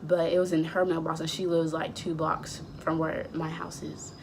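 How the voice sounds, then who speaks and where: A young woman in her late teens chatting casually, rambling through a storytime and acting out the dialogue with sudden high outbursts. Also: level tone, moderate pace, darkish tone, a little hiss or hum. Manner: acts out quoted dialogue. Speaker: vlogger.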